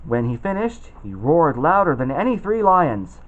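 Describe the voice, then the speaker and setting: Man reading a storybook with lively pitch. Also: normal speed, lo-fi sound. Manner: expressive, puts on voices for the characters. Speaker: storybook reader. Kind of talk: reading a children's storybook aloud.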